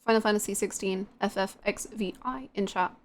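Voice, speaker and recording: A woman's voice: medium pitch, steady tone, brisk, a little hiss or hum. A woman live-streaming a game, chatting casually and giggling while she reads out her chat.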